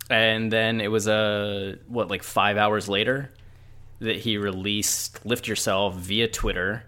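A man's voice: lowish voice, fairly bright tone. A man co-hosting a podcast in casual joking chat, sardonic and often laughing, trailing off with fillers. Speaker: podcast co-host.

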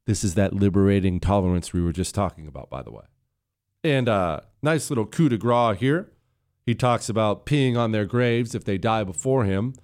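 A man's voice: lowish voice, normal speed, a little mellow. Emphatic male radio talk host. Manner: emphatic, building to raised intensity. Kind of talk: political talk commentary. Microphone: studio microphone.

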